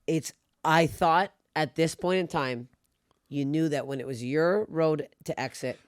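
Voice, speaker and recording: A podcast host in a casual chat, talking fast and excitably, swearing freely. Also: male voice, a little high, smooth, no echo, clean studio sound.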